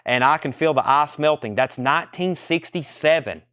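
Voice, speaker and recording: A man's voice: on the high side, moderate pace, a bit bright, smooth, no room sound, clean studio sound. A man running a live record sale, rattling off titles and prices with chatty asides. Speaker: record seller. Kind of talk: live sale stream, casual selling.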